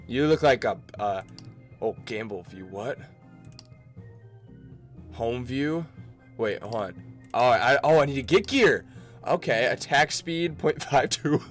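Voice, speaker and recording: A man giving casual let's-play commentary, excitable, laughing often and reading game text aloud. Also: medium pitch. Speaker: gaming video creator.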